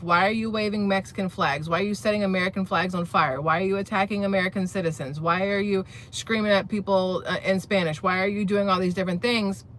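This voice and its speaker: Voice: medium pitch, sharp tone, a little hiss or hum. A channel host giving blunt, opinionated political commentary in a casual vlog, talking straight to viewers and rambling through restarts.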